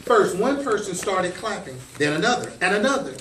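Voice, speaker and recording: A male teacher with a high voice reads a storybook aloud to his students, animated and playful, often pausing to quiz them. He is recorded from a distance at the back of an echoey classroom, with clear background noise.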